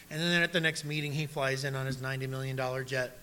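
A man preaching a sermon, reading scripture and questioning his congregation directly, sometimes dropping to a soft, low voice. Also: fairly even intonation, fast talker, a little hiss or hum. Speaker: pastor.

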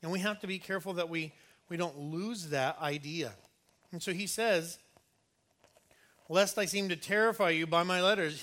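A man preaches in an earnest, conversational way, stressing his points and often restarting his sentences. His voice sits a little high and sounds bright and forceful. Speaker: pastor. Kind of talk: sermon.

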